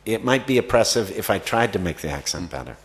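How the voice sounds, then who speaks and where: Fast and expressive, a man with a lowish voice answers festival Q&A questions about acting from the audience. He rambles, repeatedly restarting and leaning on fillers.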